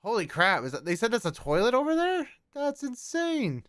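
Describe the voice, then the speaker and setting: A man co-hosting a podcast, chatting casually and reading posts aloud with excited exclamations. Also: sits high, quick pace, clear, resonant tone, no echo, studio quality. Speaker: podcast co-host. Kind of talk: casual chat reacting to posts.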